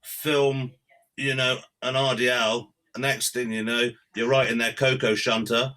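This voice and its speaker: Bright-voiced man trading crude banter. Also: mid-range voice, little pitch movement, unhurried. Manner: crude joking, blunt and sweary. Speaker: podcast host. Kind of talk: casual podcast banter.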